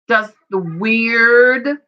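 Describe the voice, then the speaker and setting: Woman, reality TV recap vlogger, higher-pitched, gossipy and opinionated, chatty asides, dull lo-fi recording. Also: very slow. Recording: dull lo-fi sound.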